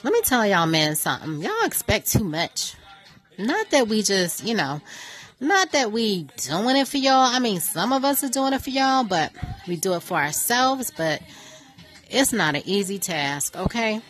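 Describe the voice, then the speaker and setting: A woman hosting her own radio show, talking casually and joking through a playful, animated story. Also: mid-range voice, unhurried, faint music behind. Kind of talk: casual chatty monologue. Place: New York.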